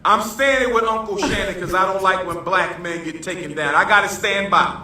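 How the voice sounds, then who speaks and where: A man with a very high, bright voice joking through a casual social-media rant. He repeats lines and laughs along. The clip is roomy and distant, with faint noise behind. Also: fairly quick. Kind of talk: casual selfie-video rant.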